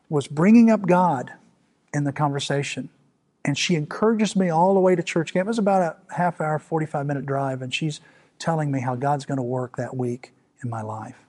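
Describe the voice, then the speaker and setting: A male pastor delivers a storytelling sermon with a husky, somewhat high voice. He talks earnestly and repeats key phrases. His emphasis rises in sudden swells. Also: darkish tone.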